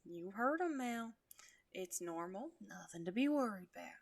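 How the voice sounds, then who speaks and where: A woman voicing a kind, gentle man in a soft, half-whispered way. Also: mid-range voice, expressive, moderate pace, gravelly. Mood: soothing.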